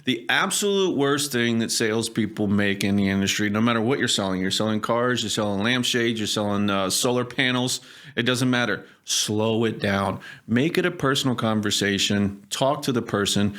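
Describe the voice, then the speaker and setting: A man's voice: medium pitch, a little fast. Casting: emphatic man coaching sales in a podcast chat, keeps checking in with "okay?". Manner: acts out sales calls in lively put-on voices. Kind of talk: conversational advice on a podcast.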